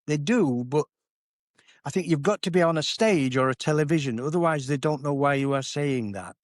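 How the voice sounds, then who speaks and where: A man's voice: on the high side, lively intonation, moderate pace, dry recording, studio quality. An older man from Yorkshire with a Yorkshire accent, a singer and comedian telling wry, self-deprecating stories as a guest in a casual interview. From Yorkshire, England.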